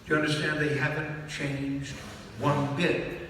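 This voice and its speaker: A man's voice: on the high side, level tone, unhurried, a bit bright, a little hiss or hum. A man giving a live talk to an audience, emphatic and repetitive, often stopping to ask whether listeners understand. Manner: emphatic, repeats key phrases and checks in with "do you understand?". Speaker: business author speaking to an audience. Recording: echoey hall, mic far off.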